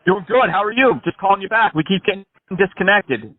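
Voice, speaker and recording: Mocking prank caller on a tinny line. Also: male voice, expressive, fairly quick, no room sound. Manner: mocking, rambling absurd pitches. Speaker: scam-baiting prank caller. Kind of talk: prank phone call. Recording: phone-line audio.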